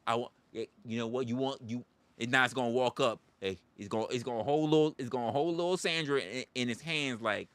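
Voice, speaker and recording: A man's voice: mid-range voice, fairly quick, fairly bright tone, smooth, no room sound. A man hosting a livestream, ranting comically and profanely. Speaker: livestream host. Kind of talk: comedic rant.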